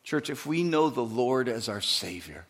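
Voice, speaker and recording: A man's voice: medium pitch, sing-song, measured pace. Man preaching with dramatic swings. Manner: swings from quiet asides to loud, emphatic preaching; acts out quoted voices dramatically. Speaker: pastor. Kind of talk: sermon.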